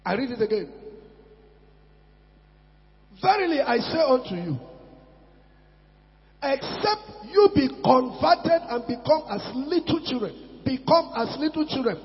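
High-voiced emphatic preacher man in echoing hall. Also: very animated, measured pace, pauses often. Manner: emphatic, repeats key words, swings between loud and soft. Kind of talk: sermon. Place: church hall. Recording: dull recording in a long-echoing hall.

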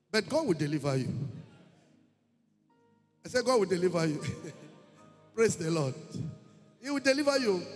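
A man preaches in a high voice, repeating his points and lifting into shouted praise. His words ring with a long hall reverb, with soft music faint underneath. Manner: emphatic, repetitive, breaking into shouted praise. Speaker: pastor. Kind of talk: sermon.

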